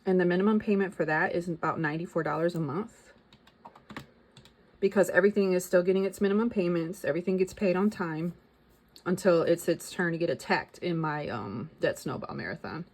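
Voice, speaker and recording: A woman's voice: lowish voice, brisk, darkish tone. A middle-aged woman chatting casually as a vlogger, thinking aloud and reading out figures. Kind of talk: casual chat.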